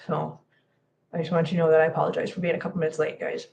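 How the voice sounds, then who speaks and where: A woman's voice: low voice, little pitch movement, very fast, gravelly, a little mellow. A woman hosting a cat channel livestream, tearful and talking to viewers in an emphatic, impassioned way that repeats phrases.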